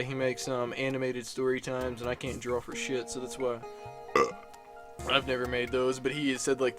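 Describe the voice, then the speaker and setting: A young man from Illinois, talking on his own to the camera in a casual question-and-answer vlog. He rambles, swears freely and pokes fun at himself, with a mid-pitched voice over clearly audible music. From Illinois, USA. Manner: rambling, profane, self-deprecating, lots of fillers. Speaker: YouTuber answering viewer questions. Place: dark room, alone.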